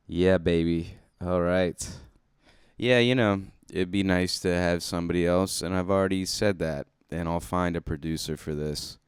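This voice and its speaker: A man's voice: sits low, steady tone, normal speed, clear, resonant tone, no room sound, clean studio sound. A man hosting his own comedy podcast alone, rambling in a casual, self-deprecating and profane way. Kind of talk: casual solo podcast monologue. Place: alone, recording to himself.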